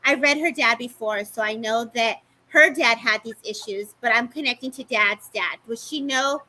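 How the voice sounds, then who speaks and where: A woman giving a live-streamed psychic reading, talking fast and affectionately to the people she reads, calling them baby and babes. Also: fairly high pitch, pushed and bright, poor audio. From California. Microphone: live-stream microphone.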